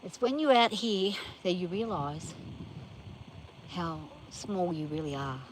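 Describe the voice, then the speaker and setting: An exhausted, overheated woman talking anxiously to herself as she films while walking outdoors on rough ground. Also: on the low side, expressive, slow pace. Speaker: farm vlogger. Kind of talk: casual self-filmed chat while walking. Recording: loud outdoor background noise.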